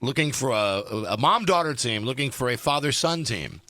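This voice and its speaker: A man's voice: medium pitch, animated, moderate pace, pushed and bright, no room sound. A man hosting a radio talk show, rambling and sardonic as he jumps from topic to topic in a studio. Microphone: studio microphone, dry.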